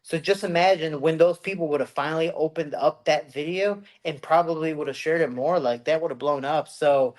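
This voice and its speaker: A man's voice: a little high, a little fast, few pauses. A man hosting a podcast, talking loosely in casual chat with lots of fillers. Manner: loose, filler-heavy talk.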